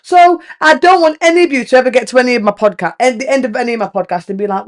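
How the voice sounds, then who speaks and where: A British woman with a fairly high voice talks through her thoughts like she is journaling out loud. She is open and unguarded, rambling as she goes and filling gaps with "like". Her chat feels confessional and unscripted. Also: very fast. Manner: rambling, frank, peppered with "like". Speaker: podcast host.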